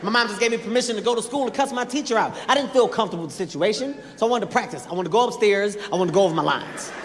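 A man doing stand-up storytelling, animated, acting out voices and shouting punchlines. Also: high voice, racing. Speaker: stand-up comedian. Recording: echoey live hall, faint noise.

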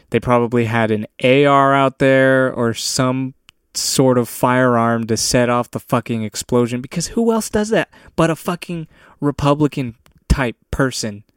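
A man's voice: medium pitch, smooth, dry recording, studio quality. A young man hosting a podcast, ranting alone in a crude, heavily profane and sardonic way. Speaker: podcast host. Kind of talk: profane solo rant.

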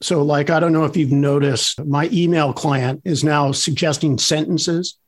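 Husky-voiced man asking provocative questions. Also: on the high side, steady tone, measured pace. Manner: playful, provocative questioning, devil's advocate. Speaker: podcast host. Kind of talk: casual chat.

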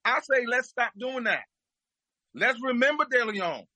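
A man's voice: very high-pitched, animated, a little slow, sharp tone, no room sound, low-quality recording. A man speaking as a guest, giving impassioned political commentary and repeating his points for emphasis.

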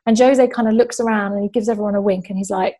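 A woman's voice: mid-range voice, steady tone, quick pace, mellow. A woman, a football journalist, chatting and telling stories in an interview, with many casual fillers.

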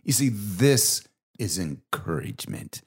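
A man's voice: lowish voice, big pitch swings, slow pace, husky. A middle-aged man, co-host of a faith podcast, telling an earnest and emotional personal story.

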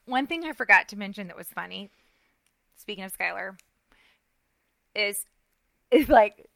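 A middle-aged woman co-hosting a podcast, telling a story in a self-mocking, animated way with lots of restarts and asides. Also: medium pitch, measured pace, gravelly, dry recording, poor audio. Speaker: podcast co-host. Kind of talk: casual storytelling chat.

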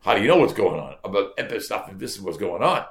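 An older rabbi preaching in a storytelling way, his voice low and gravelly. He talks with animation, repeats his words and drops Yiddish and Hebrew terms as he goes. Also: big pitch swings, fast talker. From United States. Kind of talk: storytelling sermon.

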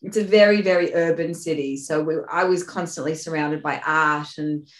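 A woman from Australia with an Australian accent, chatting casually as a guest, relaxed and blunt with swearing. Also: low voice, moderate pace. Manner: laid-back, swears casually, laughs often. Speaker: co-founder guest. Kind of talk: casual interview chat. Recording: roomy echo.

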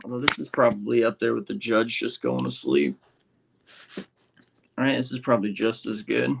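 Gravelly young man streaming live. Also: mid-range voice, expressive, normal speed, pauses often, slight background noise. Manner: frustrated, restless, talks straight to the chat. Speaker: livestream host. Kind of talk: casual livestream chat.

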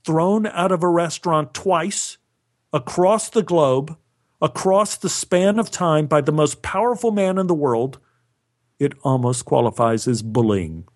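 A man's voice: fairly high pitch, unhurried. A man narrating a personal story with a wry, dry humor. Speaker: storyteller, actor.

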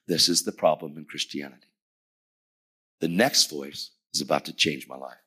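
A middle-aged man preaching a lively sermon, telling stories animatedly and shouting at the peaks. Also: extremely low pitch, brisk, breathy edge.

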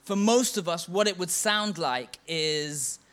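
A man's voice: sits high, slow, fairly bright tone. A church leader giving a sermon, telling stories and chanting a mocking refrain to make his point.

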